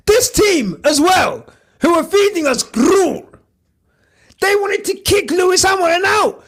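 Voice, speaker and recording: A man hosting a podcast, giving excitable, shouty live reaction commentary and swearing a lot. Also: very high voice, unhurried. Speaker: podcast host.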